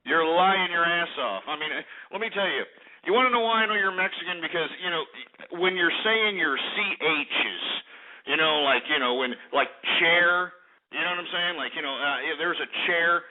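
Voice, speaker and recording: A man hosting a call-in radio show, loud and mocking, stammering over his own words. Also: fairly high pitch, animated, moderate pace. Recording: tinny phone-like radio audio.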